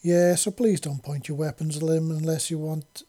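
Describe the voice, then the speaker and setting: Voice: medium pitch, flat delivery, moderate pace, mellow, close to an everyday voice. A narrator voicing a playful young male alien soldier with a joking, light-hearted manner.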